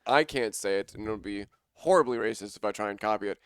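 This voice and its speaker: Young male caster, low clear voice, dry close sound, loose and chatty. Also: fast talker, a bit bright, no echo. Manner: casual, rambling, enthusiastic. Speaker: esports caster. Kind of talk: live esports commentary.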